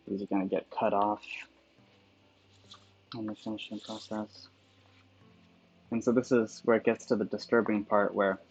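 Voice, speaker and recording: With a fairly low, gravelly voice, a man thinks aloud while doing calligraphy on a livestream, wandering off on digressions in a casual, musing way. The audio is dull and lo-fi, faint background music playing.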